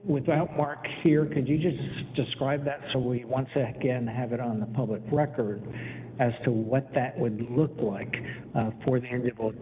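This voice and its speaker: A man's voice: medium pitch, steady tone. Man chairing a meeting, tinny audio. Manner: halting, restarts sentences, polls members for votes. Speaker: council chair. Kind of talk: public meeting discussion. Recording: tinny phone-like audio with faint hiss.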